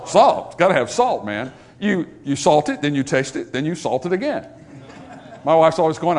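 A middle-aged man preaching a sermon to his congregation, folksy and joking, swinging between soft asides and loud emphatic points. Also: fairly high pitch, very animated, moderate pace. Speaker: pastor.

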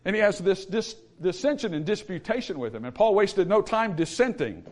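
Man, pastor, sermon, high voice, lively pitch, emphatic, repetitive. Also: a little fast. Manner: emphatic, repetitive, with humorous asides.

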